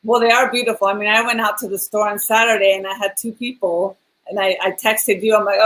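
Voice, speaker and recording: Woman co-host, chatty, quick to laugh, casual interview talk, mid-pitched voice. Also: flat delivery, fairly bright tone, poor audio. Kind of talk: casual video-call interview.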